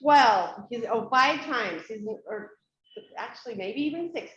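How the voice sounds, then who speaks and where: Slow-talking woman host, higher voice. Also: animated, fairly bright tone. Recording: echoey room, slightly dull sound, faint noise.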